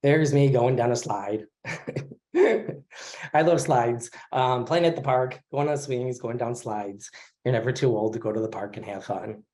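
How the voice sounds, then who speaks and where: A man in his forties teaching an online therapy class, talking in a relaxed, conversational way with many fillers over a video call. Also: mid-range voice, unhurried. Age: 40s. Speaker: craniosacral therapy instructor. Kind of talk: casual online lecture.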